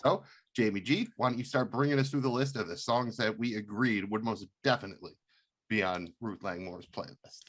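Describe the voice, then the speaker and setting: A man co-hosting a casual podcast, talking in a relaxed, rambling way. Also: fairly low pitch, a little fast. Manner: relaxed, rambling, lots of fillers. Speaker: podcast co-host.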